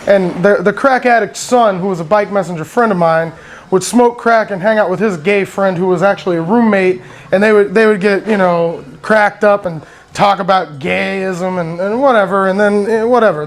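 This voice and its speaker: A man telling a meandering personal story, swearing often, laughing a lot and getting worked up as he talks. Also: sits high. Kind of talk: rambling personal anecdote.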